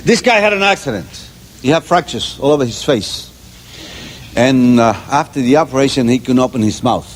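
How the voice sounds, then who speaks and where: A man from Cuba tells jokes in a mid-pitched voice with lively swings in pitch. He pauses on fillers as he sets up each punchline. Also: slight background noise, rough recording. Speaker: joke teller. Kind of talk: telling jokes.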